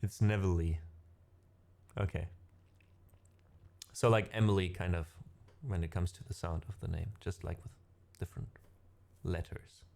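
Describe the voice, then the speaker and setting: A deep, creaky, darkish voice with a steady tone, a slightly slow pace, and long pauses. This music streamer, not a native English speaker, chats casually with his livestream audience between piano pieces, rambling, correcting himself, and laughing often.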